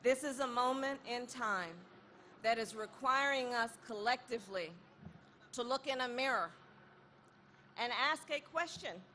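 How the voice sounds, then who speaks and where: A woman giving an impassioned protest rally speech outdoors, repeating a refrain and building to shouts. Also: on the high side, measured pace, pauses often, slight background noise. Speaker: rally speaker.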